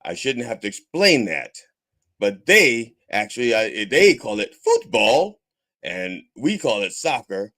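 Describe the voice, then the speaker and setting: A man's voice: medium pitch, sing-song, measured pace, sharp tone. A man hosting a comedic church-style podcast, rambling and swearing with preacher mannerisms. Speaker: host of a mock church podcast. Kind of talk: casual comedic sermon-style talk.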